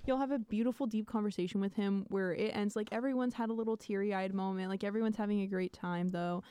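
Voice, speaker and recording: A woman's voice: mid-range voice, fairly even intonation, fast talker, mellow, clean tone, dry recording. A young woman hosting a casual podcast. She teases her co-host playfully and laughs easily. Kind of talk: casual chat.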